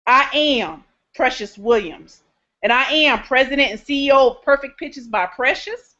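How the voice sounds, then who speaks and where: A woman giving a motivational speech with a noticeable accent, declaiming each line slowly and with emphasis. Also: high voice, animated, pushed and bright. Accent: non-native English. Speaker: guest speaker, business coach. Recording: dull lo-fi sound.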